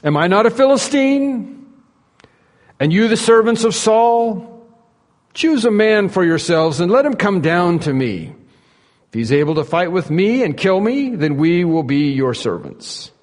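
A man voicing a giant warrior who shouts a defiant challenge in a loud, raised voice, in a reverberant hall. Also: medium pitch, lively intonation, a little slow. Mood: bellowing defiance.

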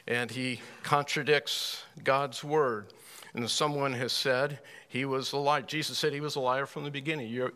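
A man teaching a Bible class in a folksy, unhurried way, with dry little asides. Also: medium pitch, sharp tone.

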